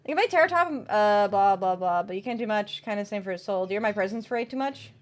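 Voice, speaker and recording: A woman's voice: mid-range voice, lively intonation, fast talker. A young woman streaming, chatting casually with viewers, reading chat aloud and swearing freely. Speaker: VTuber streamer.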